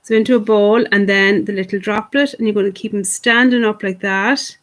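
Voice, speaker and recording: A woman's voice: mid-range voice, steady tone, normal speed. A woman teaching children clay modelling online, chatty and encouraging, talking to the camera as if the kids were there. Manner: fond of cute words like "little". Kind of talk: online craft lesson for children.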